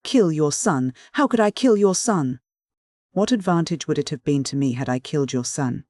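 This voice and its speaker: A man's voice: fairly high pitch, animated, moderate pace, a little mellow, dry recording, studio quality, lightly acted. A man voicing an irate, egotistical professor who blusters and bellows. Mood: indignant.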